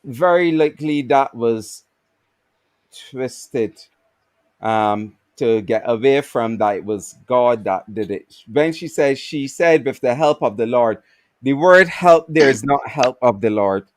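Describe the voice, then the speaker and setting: A man on a video call in a casual livestream discussion, explaining slowly with many fillers and restarts. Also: medium pitch, expressive, dry recording.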